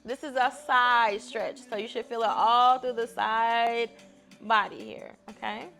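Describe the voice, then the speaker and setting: A woman's voice: fairly high pitch, fairly even intonation, measured pace, vocal fry, pushed and bright, faint music behind. A woman guiding a stretching class in an upbeat, chatty way, often laughing as she talks. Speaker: fitness instructor.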